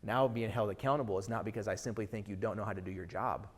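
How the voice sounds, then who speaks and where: A middle-aged man delivers a motivational keynote at a rapid clip, pressing the crowd with question after question. His voice carries a long hall reverb from a live event stage. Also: fairly low pitch. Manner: energetic, asks the audience rhetorical questions. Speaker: keynote speaker.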